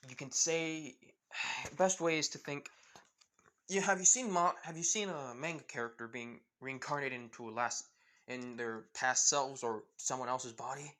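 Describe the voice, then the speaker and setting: A man improvising a fan-made story out loud, in a rambling, casual way with frequent chuckles. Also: mid-range voice, steady tone, moderate pace.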